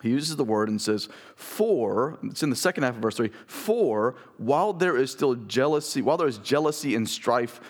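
A man in his thirties giving a conversational sermon as pastor, emphatic and animated with joking asides. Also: mid-range voice, moderate pace, hardly any pauses.

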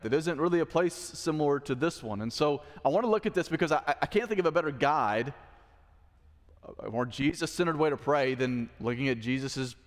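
Male pastor, slightly raised pitch, conversational sermon, long church reverb. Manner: conversational preaching, rhetorical questions to the congregation. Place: church sanctuary.

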